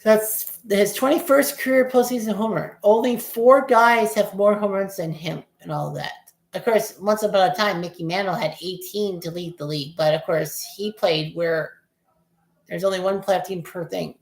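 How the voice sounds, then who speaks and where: A woman's voice: medium pitch, normal speed, roomy sound. A woman in her forties giving casual, rambling play-by-play of a baseball game as a fan streamer, cursing at bad plays. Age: 40s.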